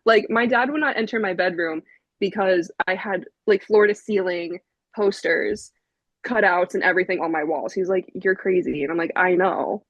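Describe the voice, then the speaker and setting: Animated young woman telling a story. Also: fairly low pitch, normal speed, no room sound, muffled recording. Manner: animated, laughing, frequent "like" fillers. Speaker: podcast guest, vinyl collector. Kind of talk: casual podcast storytelling.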